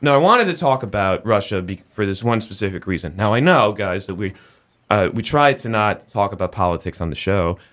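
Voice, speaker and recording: Male podcast host, opinionated, animated delivery. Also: fairly low pitch, fairly quick. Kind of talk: casual tech talk show chat.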